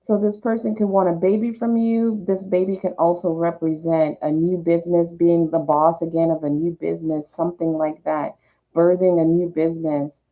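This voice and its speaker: A woman's voice: lowish voice, flat delivery, moderate pace. A woman reading tarot, voicing the cards' messages in first person and then explaining them. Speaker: tarot reader. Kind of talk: channeling tarot card messages. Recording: tinny phone-like sound.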